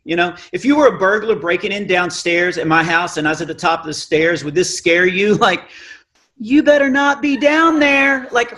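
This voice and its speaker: A middle-aged man with a naturally high voice telling a self-mocking comic story on stage, acting out the dialogue. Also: a bit bright. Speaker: Christian comedian. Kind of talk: stand-up storytelling. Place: live event stage.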